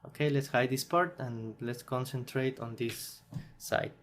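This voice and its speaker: Non-native male tutorial host, unhurried, tired, thinks aloud and corrects himself. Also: mid-range voice, steady tone. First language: not English. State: yawning, tired. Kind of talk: screen-recorded software tutorial.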